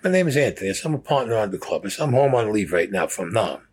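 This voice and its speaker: This man's voice sits on the low side, very fast and sing-song, with a darkish, breathy tone on a low-quality recording. He recounts his past in a blunt, casual, profane way, frequently performing the quotes himself.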